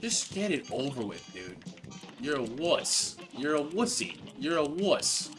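A young man giving live commentary as he plays a video game, frustrated, yelling at the boss and rambling in jokes. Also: a little high, big pitch swings, a little slow, faint music behind. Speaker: gamer playing a video game.

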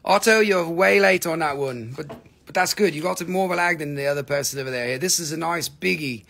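High, gravelly-voiced man hosting a live sale. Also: fairly quick, fairly bright tone. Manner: joking, rambling, playful. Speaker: host of a live mineral sales stream. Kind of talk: casual live selling banter.

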